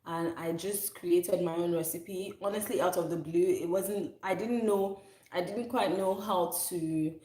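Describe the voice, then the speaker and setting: A woman's voice: on the low side, steady tone, a little slow, dark tone. A woman in her thirties, a soap maker talking casually in a rambling, self-correcting way. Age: 30s. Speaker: soap maker, channel host. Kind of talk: casual chat. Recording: echoey room.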